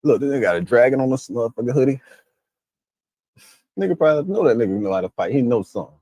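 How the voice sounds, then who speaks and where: A man giving casual reaction commentary on a stream, his pitch swinging widely as he laughs and acts out lines in high mocking voices. His voice is slightly husky, recorded dry and close on a desk mic. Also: animated, fast, mellow, no room sound.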